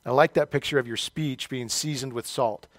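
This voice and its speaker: A man's voice: mid-range voice, fairly even intonation, normal speed, no room sound. A middle-aged male pastor preaching a sermon, telling a personal story with self-deprecating humor.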